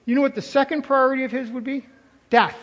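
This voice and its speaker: An older man preaching a sermon as pastor, emphatic, stretching key words and swinging from loud to soft. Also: extremely high pitch, steady tone, quick pace, in a large hall.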